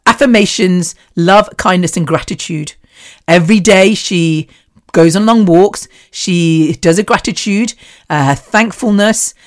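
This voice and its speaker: Woman, slightly low pitch, blunt, swears, casual podcast monologue. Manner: blunt, swears freely, animated storytelling. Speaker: podcast host.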